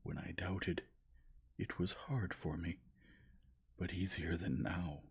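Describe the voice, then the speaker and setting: Deep breathy whisper, stiff bitter nobleman done by a guy, whispered role-play. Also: fairly even intonation, slow pace, full character voice. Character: cold, wounded aristocratic husband.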